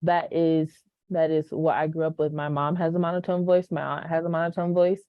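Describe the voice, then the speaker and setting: Young woman host with a monotone voice. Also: deep voice, a little fast, no echo. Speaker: podcast host. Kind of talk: casual podcast conversation. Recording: dull, dry sound.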